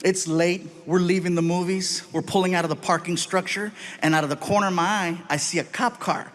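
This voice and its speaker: A middle-aged man doing stand-up, telling a family story in a punchy, animated way and shouting his punchlines. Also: high voice, a little fast. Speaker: stand-up comedian.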